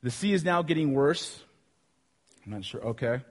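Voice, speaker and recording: A man preaching a sermon with animated storytelling, asking his listeners questions. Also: mid-range voice, normal speed. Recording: long hall reverb.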